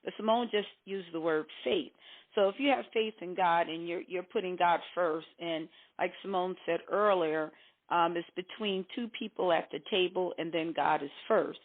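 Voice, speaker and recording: A woman's voice: on the low side, normal speed. A woman co-hosting a casual talk show, speaking in a preachy way and acting out quoted voices. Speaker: co-host. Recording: tinny phone-like audio.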